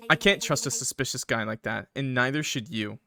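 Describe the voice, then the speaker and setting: A man's voice: mid-range voice, a little fast, gravelly, bright, forceful tone. A man reading game dialogue aloud, voicing a guarded, serious young woman who gives blunt warnings.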